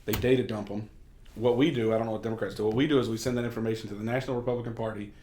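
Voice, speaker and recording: A fast-talking man from Kentucky with a somewhat low voice, speaking candidly in a relaxed sit-down conversation. He tells stories freely and drops the odd curse word. The room is echoey. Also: a little hiss or hum. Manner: candid, storytelling, occasional cursing. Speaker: state representative.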